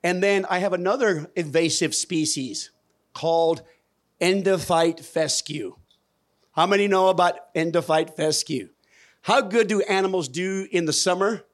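A man's voice: high voice, unhurried. A man giving a folksy, emphatic talk on a conference stage, putting questions to the audience. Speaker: conference speaker on regenerative farming. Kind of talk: lively stage presentation.

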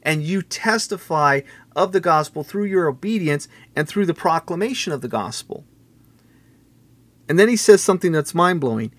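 Emphatic high-voiced man preaching. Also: expressive, normal speed, no echo. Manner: emphatic, repetitive, building in intensity. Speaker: pastor. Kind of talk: preaching Bible teaching in conversation.

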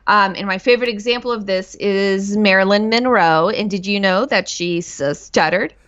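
A woman's voice: mid-range voice, normal speed, a bit bright, lo-fi sound. A woman who stutters, speaking in a casual interview and catching on the starts of words, with many fillers. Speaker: guest speaker on stuttering and dyslexia.

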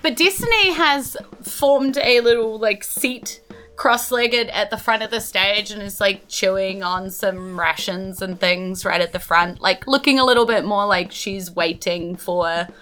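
A woman's voice: mid-range voice, measured pace, fairly bright tone. A woman narrating a tabletop game as game master in a chatty, descriptive way with lots of fillers.

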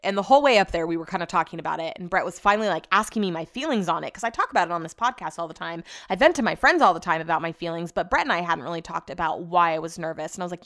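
A woman's voice: on the low side, lively intonation, racing, hardly any pauses, fairly bright tone. A young woman podcast host telling a long personal story in a chatty, rambling way, full of filler words. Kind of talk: casual storytelling.

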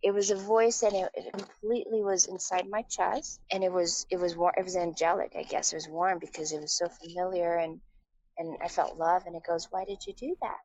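A woman's voice: fairly low pitch, level tone, fairly quick, a little mellow, no echo, rough recording. A woman from Taiwan, a guest in a casual interview, telling a personal story with lots of fillers and restarts.

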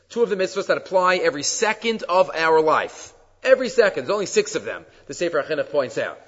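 A man's voice: on the high side, a bit bright. A male rabbi gives a Torah lecture. He reads verses, translates them and poses rhetorical questions to his listeners. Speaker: rabbi teaching weekly Torah class. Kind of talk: Torah lecture, explaining sources. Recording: dull lo-fi sound with long reverb.

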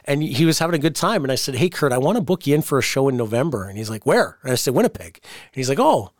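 A man hosting a wrestling podcast, telling stories in a casual, animated way and jumping into the voices of the people he quotes. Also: mid-range voice, rapid-fire, no echo, clean studio sound. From Canada. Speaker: podcast host, wrestling promoter. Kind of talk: casual storytelling chat.

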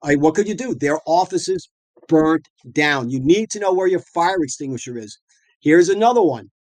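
A man's voice: fairly high pitch, expressive, normal speed, a little mellow, dry recording. A middle-aged man from the northeastern United States, a dentist guest telling colloquial stories with frequent fillers and restarts. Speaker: dentist and practice owner guest. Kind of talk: anecdotal storytelling talk.

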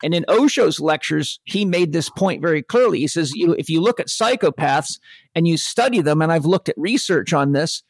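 A man's voice: a little high, expressive, moderate pace, no echo. A man speaking earnestly and reflectively on a spiritual podcast. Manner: earnest, reflective, quotes sayings.

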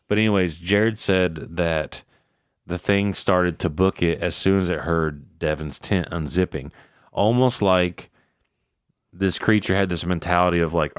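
A man's voice: sits low, moderate pace, clean tone, no echo, studio quality. A man hosting a podcast, retelling eerie camping stories in loose, casual, profane talk. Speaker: podcast host. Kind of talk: casual storytelling chat.

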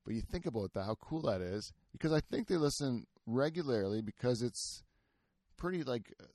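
A man's voice: medium pitch, lively intonation, normal speed, darkish tone, no echo, clean studio sound. A man hosting a podcast in casual, rambling chat, full of fillers, restarts and swearing. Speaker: podcast host.

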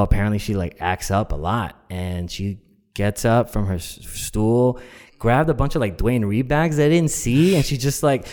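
Guy with a lowish voice telling a long rambly story, lots of ums and likes, echoey reverb. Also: normal speed, a little mellow. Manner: rambling, many fillers, acts out quoted voices. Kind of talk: casual personal storytelling.

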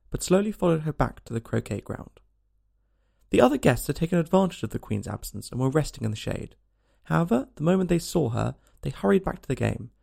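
A man narrating a storybook in an expressive, animated way. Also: medium pitch, gravelly. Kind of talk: storybook reading.

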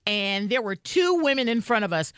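A woman co-hosting a podcast in casual chat, telling stories in an animated way. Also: normal speed, clean tone, dry recording, studio quality. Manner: animated storyteller, pitch swings widely. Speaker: podcast co-host.

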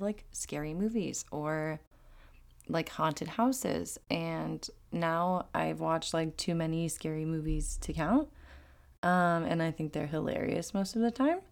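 A woman's voice: lowish voice, a little mellow. A woman hosting a solo podcast in casual chat, rambling and giggling often, with self-deprecating humor. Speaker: podcast host.

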